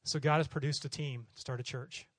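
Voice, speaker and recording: Fast-talking animated male preacher. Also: medium pitch, dry recording. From Oklahoma. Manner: animated, acts out voices in his stories. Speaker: missionary preacher. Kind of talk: storytelling sermon.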